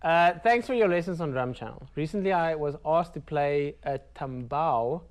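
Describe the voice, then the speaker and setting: A man's voice: a little high, normal speed. A young South African man with a South African accent, hosting a casual chat and laughing at himself. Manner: self-deprecating, laughing. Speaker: host.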